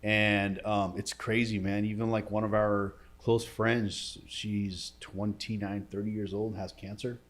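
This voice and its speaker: A man telling an emotional story in a podcast interview, casual and slangy, often dropping to a quiet voice. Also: lowish voice, flat delivery, a little slow, hardly any pauses. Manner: casual slangy talk, says bro and dude. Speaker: entrepreneur guest.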